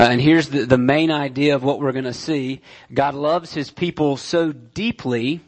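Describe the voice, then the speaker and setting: A pastor with a medium-pitched voice preaches a sermon in a measured way. He repeats key phrases for emphasis and often fills pauses with "uh."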